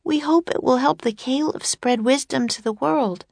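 A woman's voice: high voice, normal speed, gravelly, darkish tone, dry recording, voice pushed up. A woman reading aloud and voicing an eager young girl in a children's adventure story. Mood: earnest. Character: eager, bright young girl, quick to speak.

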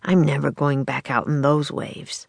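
A woman's voice: low voice, fairly even intonation, a little slow, vocal fry, dry recording, exaggerated voice. A woman reading the lines of a sulky, cross young boy in a storybook, with a sullen, muttering manner.

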